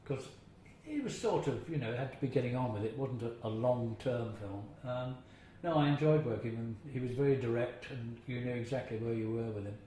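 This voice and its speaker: A man's voice: medium pitch, fairly quick, warm tone. An older man being interviewed, telling chatty anecdotes about his acting days, chuckling and now and then imitating voices. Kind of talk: anecdotal reminiscing. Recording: very echoey room, faint hiss.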